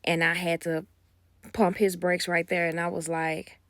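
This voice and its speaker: A woman telling a casual storytime, acting out quoted dialogue with animated gossipy energy, close to a phone mic. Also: on the low side, measured pace, no room sound. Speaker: nanny vlogger.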